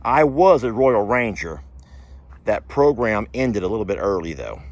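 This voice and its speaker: A ranch vlogger with a fairly low voice tells folksy stories while doing chores outdoors at his horse barn. He's very animated but unhurried, rambling and chuckling as he goes.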